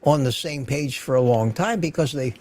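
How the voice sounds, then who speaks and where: A man's voice: mid-range voice, moderate pace, a little mellow. An older man hosting a livestream, chatting casually and rambling as he greets viewers by name from his home studio. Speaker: livestream host.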